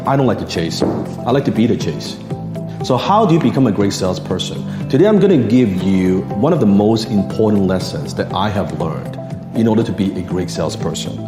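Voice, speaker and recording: A man giving a motivational talk on sales, lively and theatrical, acting out the people he describes. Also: echoey room, big-room sound. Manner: animated, acts out voices with big pitch swings. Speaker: sales coach.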